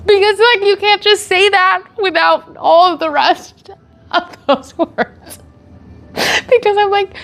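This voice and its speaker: A young woman with a slightly high voice chats casually on a livestream. She retells a story with animated energy, laughing often and leaning on filler words. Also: measured pace. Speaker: streamer. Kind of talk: casual chat answering chat questions.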